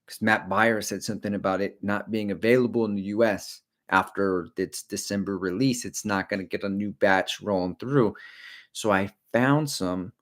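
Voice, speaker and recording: Rambling middle-aged man, slightly low voice. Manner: rambling, jokey, talks to viewers; slips briefly into silly character voices. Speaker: running channel host. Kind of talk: casual livestream chat.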